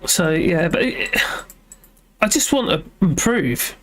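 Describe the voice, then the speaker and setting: Man with a fairly high voice, hosting a live chat from home; rambly, self-deprecating, lots of ums. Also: big pitch swings, takes it slowly, a bit bright. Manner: rambling, self-deprecating, many fillers and restarts. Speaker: livestream host reading chat.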